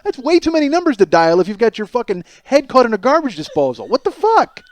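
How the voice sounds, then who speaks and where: A man's voice: very high voice, huge pitch swings, fast. A man in his forties hosting a solo comedy podcast, ranting in disbelief and rambling through a story with plenty of profanity. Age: 40s. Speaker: podcast host.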